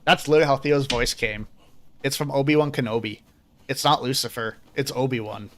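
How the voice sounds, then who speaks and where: A man's voice: mid-range voice, brisk, a bit bright. Rambling male game streamer. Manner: rambling, self-deprecating, swears freely. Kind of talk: casual chat.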